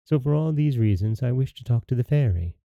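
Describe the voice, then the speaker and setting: A man's voice: medium pitch, expressive, brisk, dry recording, muffled recording, close to an everyday voice. A man voicing a proud young princess who pleads in a raised, breathless voice. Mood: earnest.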